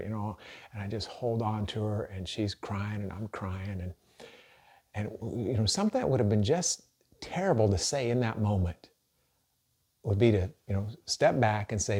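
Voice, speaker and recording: Earnest middle-aged pastor. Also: male voice, on the low side, moderate pace, a little mellow, breathy edge. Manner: earnest and conversational, with frequent restarts. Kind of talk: sermon.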